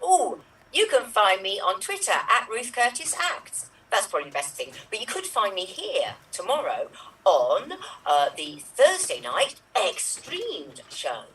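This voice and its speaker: A woman improv performer playing a comedy game in a lively, playful way. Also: medium pitch, a little slow, far from the mic, low-quality recording.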